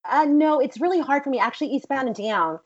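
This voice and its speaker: Animated Texan actress, interview guest, rambling anecdotes, slightly muffled recording. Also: female voice, high-pitched, fast talker. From Texas. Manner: animated, rambling, many fillers like "like". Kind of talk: casual interview storytelling.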